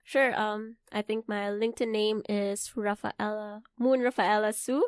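A woman's voice: mid-range voice, unhurried, dry recording, studio quality. A young woman from the Philippines, chatting as an interview guest and laughing often. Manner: giggly, animated, laughs often. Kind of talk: casual interview chat.

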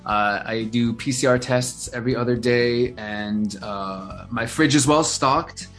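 Animated male storyteller, lots of "uh". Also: medium pitch, measured pace, faint music behind. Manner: animated storyteller, many fillers and restarts. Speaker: interview guest, singer-songwriter. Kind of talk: casual phone-style chat.

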